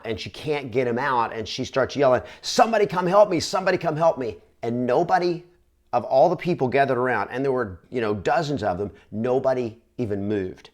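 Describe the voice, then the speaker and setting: In a medium-pitched voice, a man working as a real estate trainer gives an earnest, conversational motivational story to camera, quickly restarting his sentences along the way.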